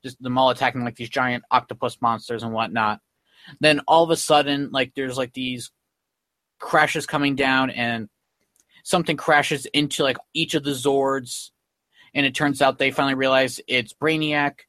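A man's voice: medium pitch, fairly even intonation, normal speed, pushed and bright, no room sound. A man hosting a podcast, casually retelling a comic in a rambling way full of ums and likes. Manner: rambling, filler-heavy retelling with many "like" and "um". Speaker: podcast host. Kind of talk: casual chat recapping a comic.

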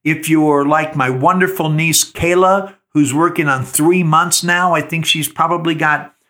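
Slow, bright-voiced older man preaching recovery. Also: fairly high pitch, fairly even intonation. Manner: slow, earnest, preacher-like with rhetorical questions. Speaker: podcast host. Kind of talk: spiritual recovery reflection.

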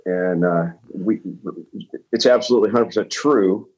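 Blunt older man, low husky voice. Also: moderate pace, a little mellow, lo-fi sound. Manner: blunt, frank, with hesitant fillers. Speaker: retired ER doctor guest. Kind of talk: casual podcast conversation.

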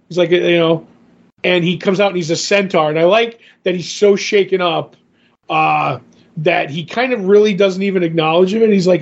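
A man's voice: sits high, fairly even intonation, moderate pace, gravelly, muffled recording. A man co-hosting a podcast, retelling a comic story in a rambling way, full of fillers and paraphrased dialogue. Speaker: podcast co-host. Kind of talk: casual comic book podcast recap.

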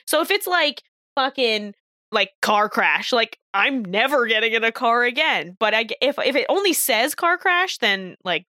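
A woman co-hosting a podcast in casual chat, animated and swearing freely. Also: a little high, no echo, clean studio sound. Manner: animated, swearing, quick asides. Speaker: podcast co-host.

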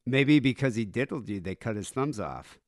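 A man's voice: mid-range voice, animated, moderate pace, dry recording, clean studio sound. A man from Michigan, co-hosting a casual true-crime podcast with rambling, crude jokes. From Michigan, USA. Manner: jokey, rambling, crude humor. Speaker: podcast co-host.

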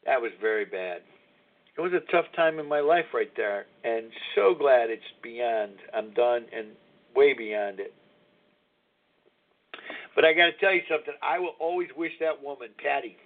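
A man's voice: a little high, animated, moderate pace. A man in his sixties hosting a recovery talk show, rambling and confessional, chuckling as he goes. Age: 60s. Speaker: radio show host. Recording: tinny phone-line sound.

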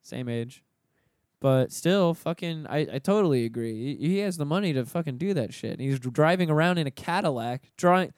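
A man in a loose podcast conversation, laid-back and profane, often trailing off into low mumbles. His voice sits a little high for a man and comes through smooth and clear. The sound is dry and close. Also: animated, moderate pace, no echo. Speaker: podcast co-host. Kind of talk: casual chat.

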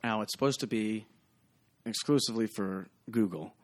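A man in his thirties, a bartender guest on a podcast, telling stories in a casual, animated way and acting out the people in them. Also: on the low side, normal speed. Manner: animated storyteller, acts out quoted voices loudly.

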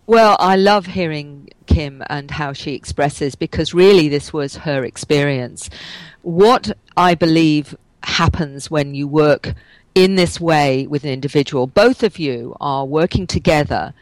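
A woman guest explaining her views in a thoughtful, measured way. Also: low-pitched, no room sound, poor audio. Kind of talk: conversational explanation.

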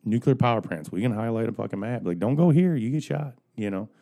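A man's voice: medium pitch, animated, fast, vocal fry, dark tone. A man ranting in casual podcast chat, profane and joking.

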